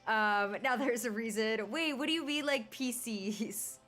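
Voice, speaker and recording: A woman's voice: fairly high pitch, measured pace, a bit bright, soft background music. A young woman hosting a livestream, chatting casually and bubbly while gaming, with lots of fillers. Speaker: livestream host.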